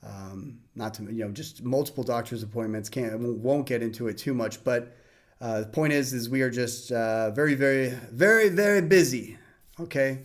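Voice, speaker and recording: A man's voice: medium pitch, moderate pace. A young man hosting a casual wrestling review in a rambling way, with many fillers and restarts. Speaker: host.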